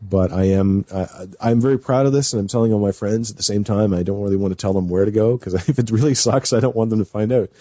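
A man's voice: on the low side, quick pace, few pauses, mellow, dry recording, lo-fi sound. A man chatting as a guest on a radio show, nervous and rambling with many fillers and restarts. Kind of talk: casual chat.

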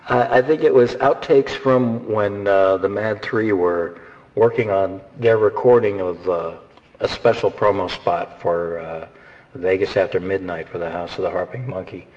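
A man giving casual, animated, rambling advice on voice acting, slipping into quick character voices. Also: deep voice, dull audio. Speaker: voice acting instructor. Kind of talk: casual instructional talk.

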